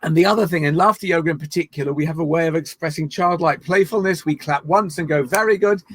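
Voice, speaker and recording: A man leading an online laughter yoga session, playful and encouraging, breaking into laughs and shouts. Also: on the high side, fast talker, no echo. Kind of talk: guided online laughter exercise. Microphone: video call.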